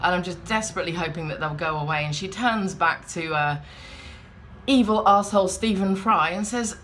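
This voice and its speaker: A woman's voice: lowish voice, moderate pace, fairly bright tone, a little hiss or hum. A woman chatting in a rambling, wry way, vlogging from a hotel room. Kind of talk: casual vlog chat.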